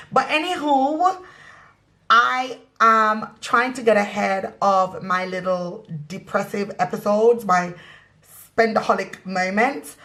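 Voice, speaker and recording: A woman's voice: medium pitch, a bit bright. A young woman with a Caribbean accent, chatting casually to camera about her budget, sassy and playful, slipping into patois. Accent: Caribbean, West Indian patois in places. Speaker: budgeting vlogger.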